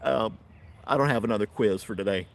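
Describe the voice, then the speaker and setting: A livestream host with a lowish voice and vocal fry talks a little fast as he rambles and chats with viewers from his backyard, laughing frequently throughout the casual stream.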